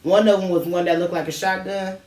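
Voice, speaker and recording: Her voice runs low and a little mellow, with fairly even intonation and a slightly quick pace, recorded at a distance. She co-hosts a laid-back late-night chat while smoking, telling childhood stories packed with slang and laughter. The recording is off-mic in an echoey room, with faint noise.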